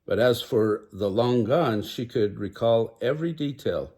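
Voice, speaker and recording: An older man reading a children's picture book aloud, unhurried, with small stumbles. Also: mid-range voice, lively intonation, a little mellow, breathy edge. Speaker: storybook reader.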